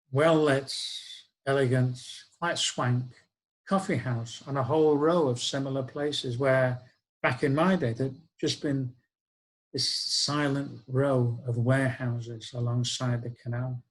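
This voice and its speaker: A man's voice: medium pitch, low-quality recording. An older man tells a personal story. His delivery is wry, reflective and conversational, like spoken-word storytelling. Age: 60s.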